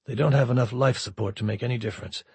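A man voicing a weary, gentle middle-aged ship captain speaking softly. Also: medium pitch, fast talker, breathy edge, no room sound. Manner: gentle, subdued.

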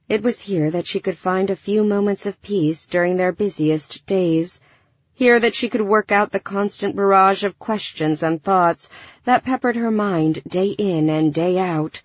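A woman narrating a science fiction audiobook in a measured, even storytelling manner. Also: lowish voice, no echo. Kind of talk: scripted narration. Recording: dull dry studio recording.

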